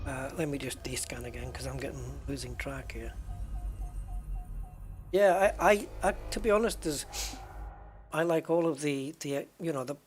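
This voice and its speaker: A man's voice: mid-range voice, normal speed, long pauses, faint music behind. A man streaming a game, chatting casually and rambling as he answers viewer questions. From United Kingdom. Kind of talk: casual live-stream chat while playing.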